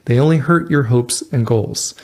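A man's voice: medium pitch, normal speed, a little mellow. A man hosting a relationship advice show, giving a scripted, earnest, instructive talk straight to the viewer.

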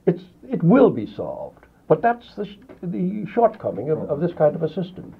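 A male guest artist in a radio studio, telling lively anecdotes and acting out the dialogue he quotes. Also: on the high side, moderate pace, gravelly, breathy edge. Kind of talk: radio interview, storytelling. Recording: narrow lo-fi 1950s radio archive.

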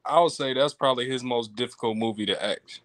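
A man's voice: medium pitch, fast, a bit bright, dry recording. A man co-hosting a podcast, laid back and chiming in during casual chat. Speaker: podcast co-host.

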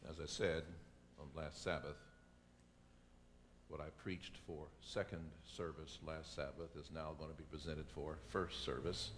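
Pastor guy preaching, really low voice, gets loud and punchy. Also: flat delivery, unhurried, a little hiss or hum. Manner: builds from quiet to loud emphatic preaching, calls on congregation. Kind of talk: sermon.

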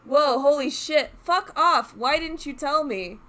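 A young woman recording a let's play, reading the game's text aloud and bursting into loud swearing. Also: high-pitched, measured pace. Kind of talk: casual gameplay commentary.

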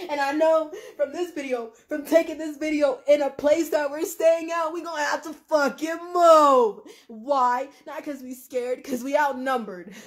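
A woman's voice: high voice, fairly even intonation, takes it slowly. A woman in a raw, emotional livestream rant, exhausted, profane and agitated, laughing through tears.

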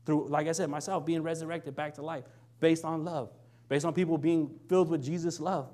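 Speaking briskly in a fairly high, steady, warm voice, a young adult minister gives a sermon in a conversational style. He often asks "right?" and performs quoted lines, changing his voice for each.

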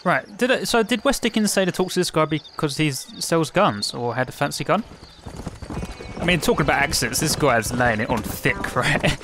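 A man giving relaxed gameplay commentary, chatty and unsure as he goes. His pitch is a little high and very lively. A faint noise sits under the mic. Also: normal speed. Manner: chatty and musing, with hesitant restarts. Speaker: let's play gamer.

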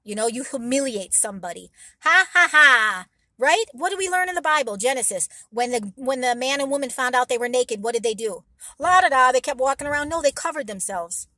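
A woman's voice: fairly high pitch, lively intonation, fast, few pauses, fairly bright tone, no room sound. A woman vlogger giving rambling, emphatic advice to her viewers in a casual monologue, blunt and sometimes swearing.

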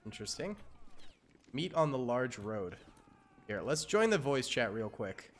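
A man's voice: mid-range voice, sing-song, unhurried. A man hosting a gaming video, chatting casually as he plays and often trailing off into mumbles. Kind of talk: casual gameplay commentary.

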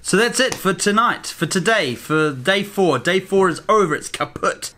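A man vlogging casually to camera from a hotel room, chatty and excitable, laughing often. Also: sits high, normal speed, a little hiss or hum. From New Zealand. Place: hotel room during quarantine.

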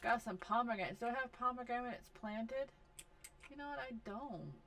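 A woman's voice: on the high side, moderate pace, a bit bright. A woman giving casual commentary over a life simulation game, talking to and scolding her characters with frequent exasperation. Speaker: gaming video host.

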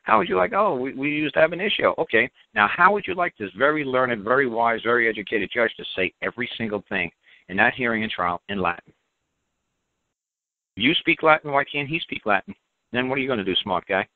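A man's voice: medium pitch, lively intonation, fairly quick, dry recording. Blunt man on a tinny radio line. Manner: blunt, emphatic, repetitive. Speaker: radio show host. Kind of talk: call-in radio talk. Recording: dry, tinny phone-like audio.

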